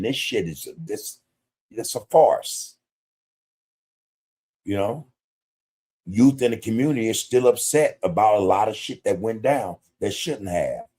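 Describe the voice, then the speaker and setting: A man with a lowish, husky, darkish voice hosts a podcast livestream of casual commentary. He talks bluntly in street slang, swears a lot and greets viewers in the chat.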